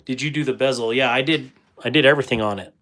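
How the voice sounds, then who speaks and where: A man's voice: medium pitch, fast, bright, forceful tone. A middle-aged man chatting casually on a livestream, reading viewer comments aloud and laughing often. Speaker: livestream host.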